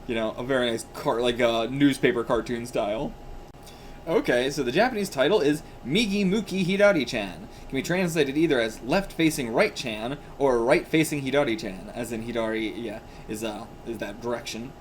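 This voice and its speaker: A man's voice: medium pitch, moderate pace, a little hiss or hum. A man hosting a manga reaction video, talking in a chatty, casual way, laughing often and filling his talk with "like" and "you know".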